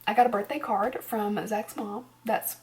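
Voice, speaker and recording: A woman's voice: mid-range voice, fairly even intonation, moderate pace, a little mellow. Tired woman vlogger chatting rambly. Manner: rambling, laughs often, drops to near-whispers. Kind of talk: casual chat to camera. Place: at home.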